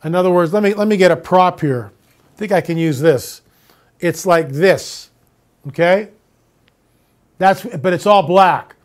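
High-pitched emphatic man. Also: measured pace, pauses often. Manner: emphatic, mocking, drops to a hush for tense moments. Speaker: show host. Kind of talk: opinionated monologue and storytelling.

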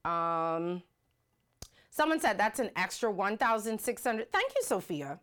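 A woman's voice: high voice, normal speed. A woman hosting a casual livestream, talking animatedly and reading out viewer comments. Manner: animated, rhetorical, reads viewer comments aloud. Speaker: livestream host. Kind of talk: casual live-stream commentary.

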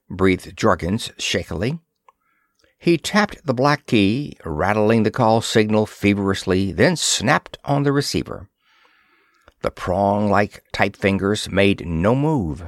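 A man narrating a pulp science-fiction story in an expressive reading style. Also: on the low side, slow, no echo, clean studio sound. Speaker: audiobook narrator. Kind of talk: scripted narration.

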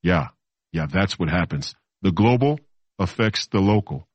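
Deep-voiced man hosting a rambling political talk show. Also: lively intonation, normal speed, husky, no echo, dull audio. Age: 30s. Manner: rambling, repeats himself, mocking asides.

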